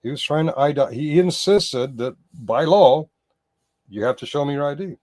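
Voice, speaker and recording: A man's voice: a little high, expressive, normal speed, darkish tone, dry recording. A man doing live-stream commentary, rambling and sarcastic, growing heated, with many restarts.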